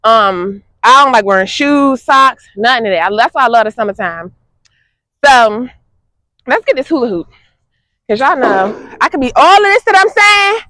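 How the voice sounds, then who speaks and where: A chatty young fitness vlogger with a somewhat high voice talks casually to viewers outdoors at a moderate pace. She's animated and laughs often, and the recording is dry.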